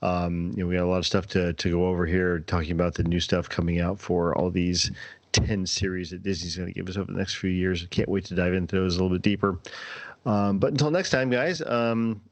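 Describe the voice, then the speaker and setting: Deep-voiced man hosting a podcast. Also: fairly even intonation, dry recording. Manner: rambling, halting, many restarts. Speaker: podcast host. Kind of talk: casual chat.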